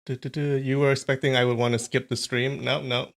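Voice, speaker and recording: A man's voice: mid-range voice, little pitch movement, a little fast. A man hosting a casual livestream, chatty and thinking aloud, laughing often. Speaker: streamer.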